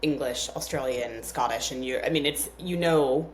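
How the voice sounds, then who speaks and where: Interview host, encouraging, medium pitch, faint background noise. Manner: encouraging, quick backchannels. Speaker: podcast host. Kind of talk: casual interview chat.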